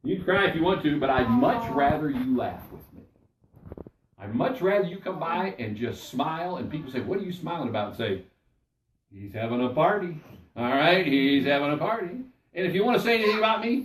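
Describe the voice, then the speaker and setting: Lively older man preaching in an echoey room. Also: on the high side, slight background noise. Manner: folksy, conversational, checks in with listeners. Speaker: pastor. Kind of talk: Bible study sermon. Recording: echoey room, mic at a distance.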